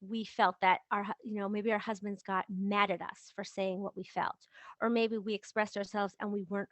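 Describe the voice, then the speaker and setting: A relationship coach with a mid-range voice talks at a moderate pace on her podcast, recorded dry. It's casual advice delivered with energy, her everyday examples acted out in small voices.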